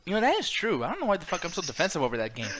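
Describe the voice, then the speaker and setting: A man with a high, bright voice that swings all over the place chats on a live stream, joking and rambling through his thoughts. He swears freely and keeps the banter loose, talking into a desk mic. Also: wildly swooping pitch, very fast, a little hiss or hum. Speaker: co-host of a live-streamed chat show. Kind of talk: casual chat.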